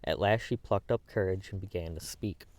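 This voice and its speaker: Male audiobook narrator, low and earnest, emotive delivery with small stumbles, dry close sound. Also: moderate pace, no echo. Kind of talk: classic novel audiobook reading.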